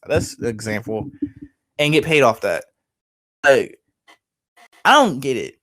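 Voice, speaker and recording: A young man co-hosting a podcast in casual, animated chat, full of "like" and swearing. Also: mid-range voice, a little slow, pauses often, a little hiss or hum. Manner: animated, swearing, laughing, lots of "like". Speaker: podcast co-host.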